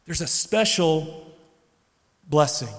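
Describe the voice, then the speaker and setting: High-voiced pastor preaching in a hall. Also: male voice, slow. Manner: animated, conversational preaching with sudden loud shouts. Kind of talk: sermon. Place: church hall.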